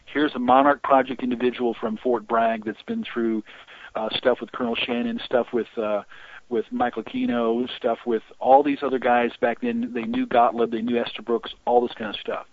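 A man telling long stories in an interview, rambling and halting with many restarts. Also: mid-range voice, gravelly, no room sound. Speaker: guest on deliverance ministry. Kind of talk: storytelling interview talk. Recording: tinny phone-line audio.

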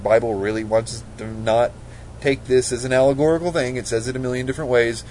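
A man's voice: on the low side, a little hiss or hum, poor audio. A man giving an informal Bible study, talking things through conversationally and reading scripture passages aloud. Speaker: Bible teacher.

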